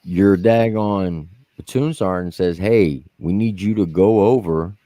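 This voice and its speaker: Man, very low voice, veteran co-host, casual profane storytelling, dry close sound. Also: unhurried, no room sound. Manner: animated, profane, acts out quotes in high voices. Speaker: podcast co-host, army veteran.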